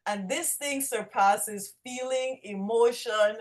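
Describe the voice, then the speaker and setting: A woman sharing a reflection with a study group on a video call, slow and emphatic. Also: a little high. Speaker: Bible study group member.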